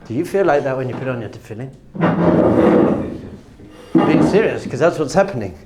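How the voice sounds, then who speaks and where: A middle-aged man teaching a Torah class, acting out cheering crowds with gasps and sudden shouts. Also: medium pitch, animated, moderate pace, noisy background.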